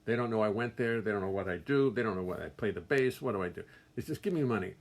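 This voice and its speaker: A fast-talking, animated older man with a fairly low voice hosts a casual livestream from his music studio. He's chatty, reading viewers' names out loud, greeting them warmly, and cracking wry jokes about himself.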